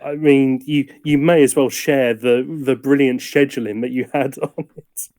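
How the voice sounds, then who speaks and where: A man guesting on a casual podcast, self-deprecating and quick with jokes, often restarting his sentences. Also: mid-range voice, fairly even intonation, darkish tone, no echo, studio quality. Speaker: guest co-host, music journalist.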